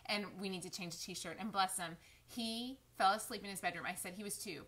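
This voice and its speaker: A woman's voice: mid-range voice, brisk. A woman, chatting on a live stream and fighting back tears. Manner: warm, chatty, emotional, addresses viewers as y'all. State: close to tears. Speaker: lifestyle vlogger. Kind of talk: casual live-stream chat.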